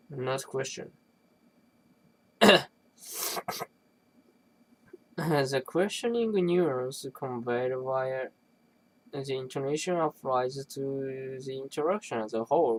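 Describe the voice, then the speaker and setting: Slow, halting reader of an academic text. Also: mid-range voice, rough recording. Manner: halting, with restarts and self-corrections; clears throat between passages. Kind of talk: reading an academic text aloud.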